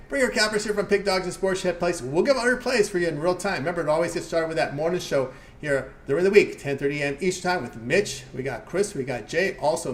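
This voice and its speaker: Upbeat man hosting a betting stream. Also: a little high. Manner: upbeat promotional patter with fillers. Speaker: sports betting show host. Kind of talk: live sports betting stream.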